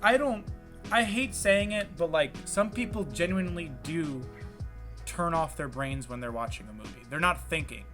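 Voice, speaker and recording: A man's voice: fairly high pitch, moderate pace, over music. A young man co-hosting a podcast, chatting casually and animatedly, rambling and swearing often. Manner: animated, swears a lot, rambling with many fillers. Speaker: podcast co-host. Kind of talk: casual chat. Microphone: remote call mic.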